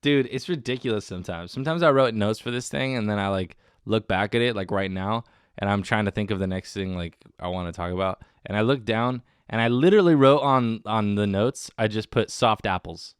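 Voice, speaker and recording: A man's voice: fairly low pitch, brisk, clean tone, no echo, studio quality. A man hosting a casual solo podcast, rambling and joking at his own expense, wired on coffee. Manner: rambling, self-mocking and jokey. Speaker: podcast host.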